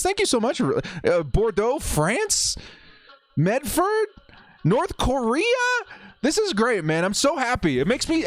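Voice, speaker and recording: Excitable man hosting a live stream. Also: high-pitched. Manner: excitable, laughs often, chatty with viewers. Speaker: livestream host. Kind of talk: casual live watch-party chat.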